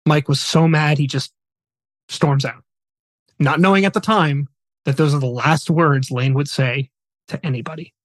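Male podcast host, somber storytelling, slightly high voice, dry close mic. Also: moderate pace, no echo. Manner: earnest, somber retelling with quoted dialogue.

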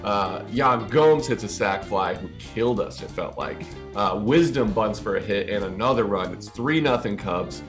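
A man's voice: lowish voice, expressive, moderate pace, few pauses. Man recapping baseball over faint music. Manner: conversational, recaps game stats with fillers. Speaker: podcast co-host. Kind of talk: casual sports recap chat.

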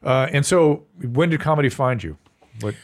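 A man's voice: mid-range voice, animated, moderate pace. A man hosting a podcast, a doctor who asks curious questions and explains medical points plainly. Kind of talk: casual interview, medical advice.

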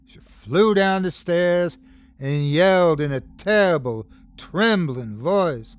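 A man's voice: fairly high pitch, lively intonation, slow pace, clean tone, no room sound. A man narrating a scary story as host, dramatic, swelling and dropping for suspense. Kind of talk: scripted horror story narration.

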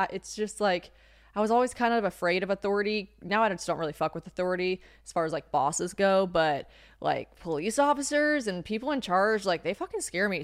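Twenty-something woman hosting a podcast, chatty, cussing, laughs at herself, mid pitch. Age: 20s. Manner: chatty, swears a lot, self-mocking. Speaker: podcast host. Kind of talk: casual chat.

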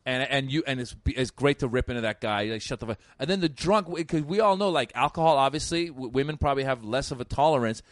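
A man's voice: mid-range voice, fast, few pauses, no echo. Talkative man from Iran, dry sound. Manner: animated storyteller, restarts and repeats words. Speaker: stand-up comedian. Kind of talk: casual podcast chat.

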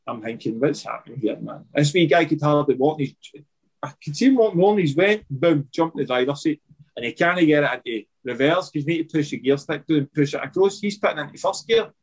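A man's voice: on the high side, a little fast, husky, rough recording. A Scottish man, a former footballer, telling a wild story in casual chat, swearing and acting out what others said. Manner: animated anecdotal, acts out quotes, swears freely.

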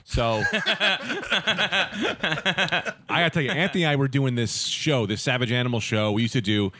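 A man hosting a casual comedy podcast, telling stories in an animated way. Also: medium pitch, moderate pace. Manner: animated storyteller, jumps into voices. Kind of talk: casual chat, storytelling.

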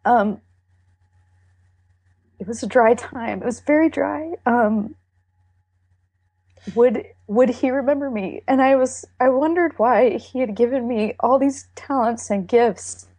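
A woman's voice: on the high side, takes it slowly, pauses often, dark tone, breathy edge, no room sound. A middle-aged woman from Texas tells her faith testimony in an earnest, emotional way. She halts and restarts as she talks. Her voice sounds close and dry. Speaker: interview guest.

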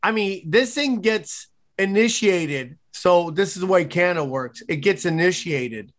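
A man's voice: high voice, lively intonation, measured pace, fairly bright tone. A man co-hosting a finance talk show, blunt, profane and opinionated. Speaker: co-host. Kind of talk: casual podcast chat.

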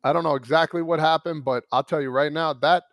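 A man co-hosting a sports podcast, chatting in an excitable, chummy way. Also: on the high side, fast talker, no room sound, studio quality. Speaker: podcast co-host. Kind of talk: casual sports talk.

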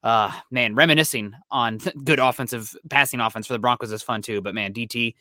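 A young man co-hosting a casual sports podcast, telling stories in a quick, excitable way. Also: mid-range voice, no echo, studio quality. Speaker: podcast co-host.

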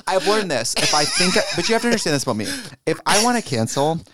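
A man co-hosting a comedy podcast in casual chat, with dry, bawdy deadpan humor. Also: high-pitched, fast talker, very noisy. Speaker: podcast co-host.

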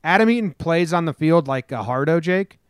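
A man's voice: a little high, lively intonation, a little fast, clear, resonant tone, dry recording, clean studio sound. A man from New Jersey hosting a casual sports talk podcast, telling stories in a rambling way and swearing freely. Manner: rambling storyteller, swears, acts out quotes. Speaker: podcast host.

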